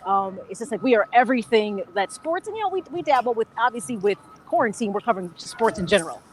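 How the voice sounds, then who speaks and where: A woman's voice: fairly high pitch, animated, quick pace, a little hiss or hum. A woman co-hosting a live sports talk show on location, chatty, with lots of "you know what I'm saying.". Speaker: co-host. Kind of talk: live sports radio chat. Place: golf country club, on location.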